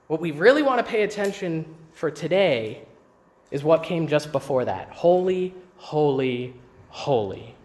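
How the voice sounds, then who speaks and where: A man preaching a sermon, teaching emphatically and asking his listeners rhetorical questions. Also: sits high. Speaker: pastor.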